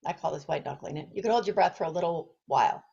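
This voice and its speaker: A woman's voice: low voice, quick pace, gravelly, mellow, husky, highs cut off. A woman who works as a fitness trainer and nutrition coach, giving a passionate motivational talk and putting rhetorical questions to her listeners. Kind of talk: direct-to-camera motivational talk.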